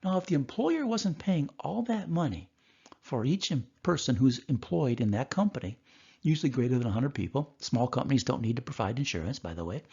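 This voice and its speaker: A man who is a doctor, giving a recorded course lecture and telling a story from his work with animated voices. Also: mid-range voice, fairly quick, creaky, breathy edge, highs cut off.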